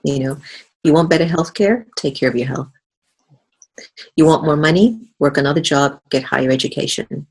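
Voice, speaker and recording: A woman speaking as a spiritual guest in a conversational interview, earnest and animated. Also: sits low, moderate pace, slightly rough, poor audio.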